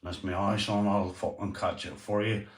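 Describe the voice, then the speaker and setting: A man's voice: on the low side, fairly even intonation, moderate pace, echoey room, recorded from a distance. A Northern Irish man hosting a casual livestream, chatting to viewers and telling sweary stories. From Northern Ireland. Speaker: livestream host.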